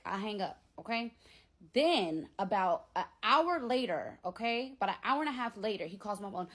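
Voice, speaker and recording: A woman hosting a storytime vlog at home, telling her story in an animated, profane, slangy way straight to her viewers. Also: on the high side, moderate pace. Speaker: vlog host.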